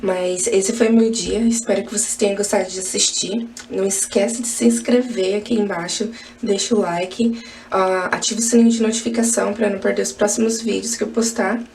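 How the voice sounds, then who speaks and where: A woman's voice: mid-range voice, steady tone, vocal fry, a little mellow, recorded from a distance, slight background noise. Brazilian woman chatting to her vlog. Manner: brisk, friendly sign-off to viewers. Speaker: vlogger. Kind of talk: casual vlog talk.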